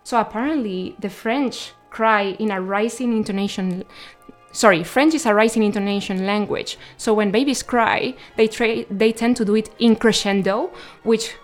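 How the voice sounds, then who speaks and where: A woman hosting a radio show, sharing science facts between songs in a loose, chatty way with many fillers and self-corrections. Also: mid-range voice.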